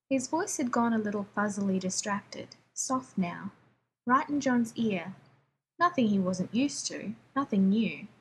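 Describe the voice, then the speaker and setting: A woman reading a story aloud in a calm, even narrating voice. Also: mid-range voice, slight background noise, rough recording. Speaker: reader. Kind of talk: audiobook reading of fan fiction.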